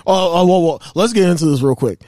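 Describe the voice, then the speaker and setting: A young man co-hosting a podcast, chatting casually with blunt, quick, profane interjections. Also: high-pitched, animated, mellow, dry recording, clean studio sound. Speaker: podcast co-host. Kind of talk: casual chat.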